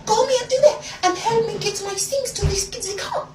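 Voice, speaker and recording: A woman voicing herself in a fake French accent, theatrical and sassy, her voice climbing high. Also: normal speed. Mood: dramatic. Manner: theatrical, sassy, rising to shrill. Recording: echoey room, far from mic, noisy.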